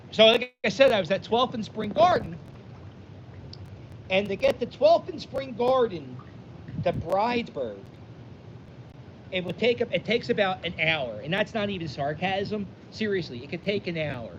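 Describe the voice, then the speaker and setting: A man's voice: sits high, expressive, a little slow, long pauses, lo-fi sound. A man telling a rambling, exasperated story in a casual vlog, recorded outdoors in the wind. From Philadelphia. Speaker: vlogger. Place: outdoors by the water, windy.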